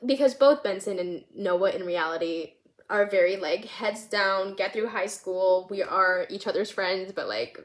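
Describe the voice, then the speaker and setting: A woman's voice: mid-range voice, normal speed. Young woman vlogger, giggly, says like a lot, medium voice. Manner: bubbly, giggly, lots of "like". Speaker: vlogger and screenwriter. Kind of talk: casual storytelling of her script.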